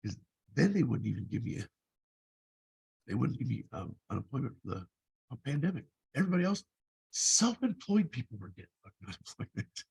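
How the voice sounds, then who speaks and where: A man in his fifties with an intensely gravelly, rough-edged voice and a heavy husky grain. He tells his life story casually, bluntly and with plenty of swearing, circling back and restarting as he goes. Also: mid-range voice, very animated, a little fast, pauses often, a little mellow, no room sound. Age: 50s. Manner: blunt, profane, rambling with restarts. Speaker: life coach.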